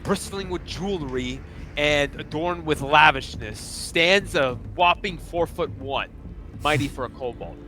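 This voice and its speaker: A man's voice: on the high side, expressive, measured pace, sharp tone, a little hiss or hum. A young man narrating as the game master of a tabletop game in a casual, loose manner full of fillers.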